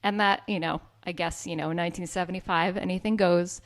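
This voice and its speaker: A woman's voice: lowish voice, steady tone, moderate pace. A woman co-hosting a podcast, chatting casually with many fillers. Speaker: co-host.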